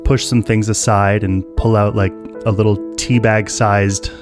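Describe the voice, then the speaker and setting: A man's voice: fairly low pitch, level tone, measured pace, music in the background. A man narrating as game master of a tabletop role-playing game, playful and teasing with the players.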